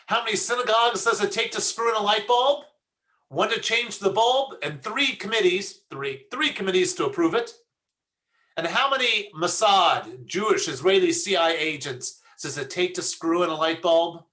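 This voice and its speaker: A man with a high, sharp voice leads an online service from a video call. He talks in a relaxed, chatty way, stopping to tell groan-worthy puns. The sound is a plain call-mic recording. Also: moderate pace. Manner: chatty, jokey, tells corny puns. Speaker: rabbi leading a service. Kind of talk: casual online service hosting.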